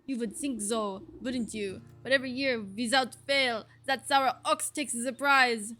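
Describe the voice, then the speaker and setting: Woman doing a throaty veggie farmer, mock French accent, bright high voice, grumbly. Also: lively intonation, rapid-fire, faint music behind. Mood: grumbling. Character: grumbling vegetable farmer creature, competitive.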